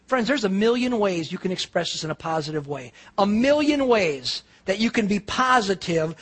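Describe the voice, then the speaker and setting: A middle-aged male pastor preaching a sermon, telling a story in an animated way and acting out the voices in it. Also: extremely high pitch, slightly rough.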